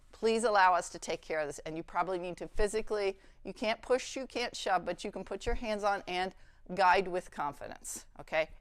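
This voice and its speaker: A woman instructor leading a hands-on training demonstration, brisk and practical, often checking in with "okay?". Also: mid-range voice, clean tone, dry recording.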